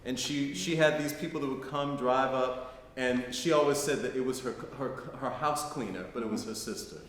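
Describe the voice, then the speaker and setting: A man's voice: mid-range voice, moderate pace, fairly bright tone. Man lecturing in an echoey hall. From United States. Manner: conversational, frequent "right?" tags. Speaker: guest lecturer. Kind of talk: personal storytelling lecture. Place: lecture hall, live audience. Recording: echoey hall, faint noise.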